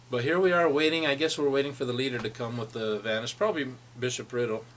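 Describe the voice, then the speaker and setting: Middle aged guy rambling thru old memories, laughing along, bright tone, bit of faint noise behind. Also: medium pitch, a little fast. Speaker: friend sharing memories. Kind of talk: personal storytelling.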